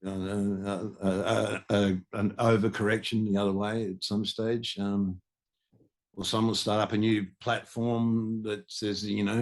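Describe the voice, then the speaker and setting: A man's voice: lowish voice, flat delivery, a little slow, vocal fry. An older man, telling stories in a rambling, casual podcast chat. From Australia. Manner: rambling, storytelling, many restarts. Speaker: guest musician.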